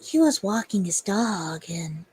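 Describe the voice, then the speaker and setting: A woman's voice: medium pitch, lively intonation, unhurried, darkish tone, breathy edge, no room sound. A young woman telling a story on a livestream in a rambling, hesitant way with many fillers. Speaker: streamer.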